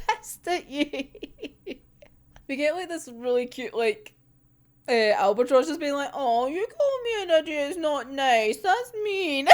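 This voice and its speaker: Woman rambling through a manga chapter, unhurried, laughing lots, swears a ton. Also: sits high. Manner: giggly, sweary, animated storytelling. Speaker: manga reaction vlogger. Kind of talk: casual chatty recap.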